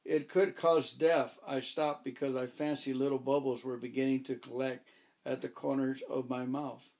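A man narrating a first-person story as an audiobook, wry and measured, voicing his own dialogue. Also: mid-range voice, level tone, dark tone.

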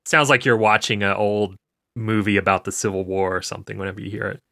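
A man's voice: on the low side, fairly even intonation, fast talker, vocal fry, bright, forceful tone, no echo, clean studio sound. An American man hosting a casual podcast, curious and laughing often as he chats about words. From United States. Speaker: podcast host.

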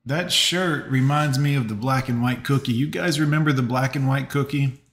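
A man's voice: medium pitch, moderate pace. A man hosting a casual live reaction stream, chatting with viewers and giving blunt advice. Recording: roomy echo.

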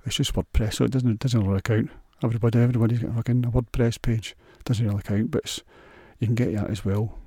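A man's voice: medium pitch, fairly even intonation, fast, hardly any pauses, dark tone, slightly rough, no echo, studio quality. A man with a Scottish accent hosting a solo podcast, rambling in a crude, sweary, offhand way. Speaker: podcast host.

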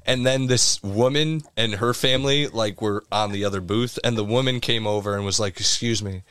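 A man's voice: on the low side, steady tone, moderate pace, a bit bright, clean tone, no echo. A comedian telling a story in a casual podcast chat, laughing as he goes. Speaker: comedian guest.

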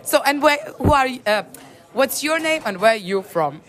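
A fairly high-voiced woman with a German accent hosts a casual bar podcast. Her English is simple and non-native, and she teases her guests. She keeps the talk loose and friendly. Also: lively intonation, normal speed, fairly bright tone. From southern Germany. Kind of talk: casual street interview. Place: busy wine bar.

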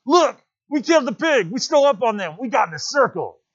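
A man voicing an excited, boastful boy hunter shouting his triumph in a storybook reading. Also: very high-pitched, fairly quick, pitched above the performer's own voice, full character voice. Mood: exultant. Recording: dull lo-fi recording.

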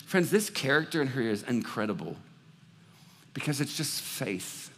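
A man preaching a sermon, telling a story with lively acted-out dialogue before moving into scripture. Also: mid-range voice, moderate pace, husky. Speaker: pastor. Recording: reverberant hall sound.

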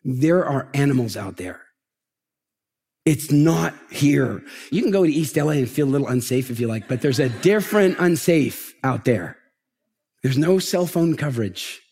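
A man's voice: medium pitch, moderate pace, gravelly, breathy edge. A middle-aged man giving a motivational talk on a stage, telling stories and asking the audience questions. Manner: animated storytelling, asks the audience questions. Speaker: motivational speaker. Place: large event stage with an audience.

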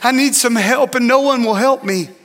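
A man's voice: very high voice, moderate pace, fairly bright tone, long reverb tail, pitched above the performer's own voice. A preacher doing a desperate young boy. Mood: pleading. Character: weeping young boy begging for help.

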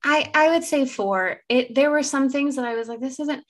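A woman co-hosting a podcast who chimes in with quick reactions and laughter during a casual chat about a TV series. Her voice sits a little high for a woman. She offers her own opinions of the show in short bursts. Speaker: podcast co-host.

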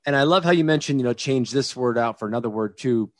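Animated man explaining like a teacher. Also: mid-range voice, fast, no echo. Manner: animated, explanatory, lecturing cadence. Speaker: guest, former communication teacher. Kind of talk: conversational interview.

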